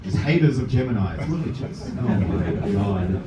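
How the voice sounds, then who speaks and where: A man's voice: mid-range voice, very animated, normal speed, very noisy. A man with an Australian accent doing a crude stand-up set on a comedy club stage, riffing brashly with the audience. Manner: brash, crude crowd work. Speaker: stand-up comic. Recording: roomy club sound from far off, loud crowd.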